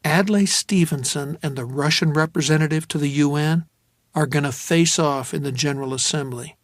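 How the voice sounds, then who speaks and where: A man narrating a novel in the first person, in a steady, wry, dry manner. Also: fairly high pitch, moderate pace, no echo. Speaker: audiobook narrator.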